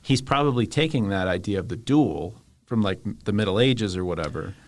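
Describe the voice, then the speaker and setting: A man from Virginia co-hosting a casual book discussion, wry and joking, getting animated when something bugs him. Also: fairly low pitch, brisk, a little hiss or hum. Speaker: podcast co-host.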